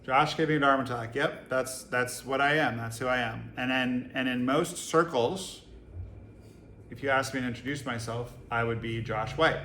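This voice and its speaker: A man's voice: medium pitch, moderate pace, bright, forceful tone. A man from Boston leads a dharma talk in a meditation hall. He speaks in a casual, joking way and keeps asking rhetorical questions. His mid-range voice rings through an echoey room, with a faint hum behind it. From Boston, USA. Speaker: Zen teacher. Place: meditation hall with a live audience.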